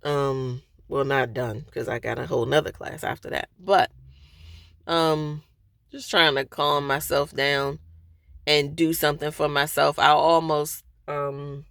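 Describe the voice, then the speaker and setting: A woman venting candidly to her viewers from a parked car, hesitant, with many pauses and restarts. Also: low voice, steady tone, gravelly, a bit bright, clear, resonant tone, dry recording, studio quality. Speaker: vlogger.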